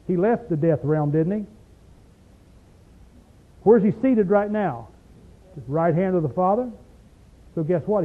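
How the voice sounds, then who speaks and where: A man preaching a sermon in a small room in an emphatic, folksy way, recorded on tape. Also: high voice. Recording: tinny phone-like tape recording.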